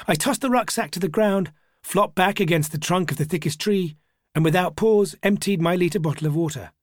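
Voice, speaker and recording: A man narrating a first-person travel story for an audiobook, measured and wry. His voice sits somewhat high for a man, and the recording is dry and close, with no room echo.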